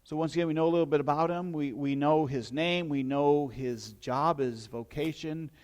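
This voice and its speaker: Chatty pastor with a fairly high voice. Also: male voice, normal speed, a little mellow. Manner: conversational storytelling with asides to listeners. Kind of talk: sermon.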